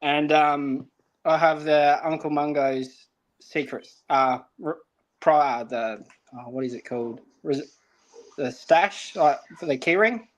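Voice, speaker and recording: A man's voice: fairly high pitch, takes it slowly, muffled recording. A man from South Australia, a chilli-eating guest giving short answers and laughing shyly. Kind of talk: casual interview answers.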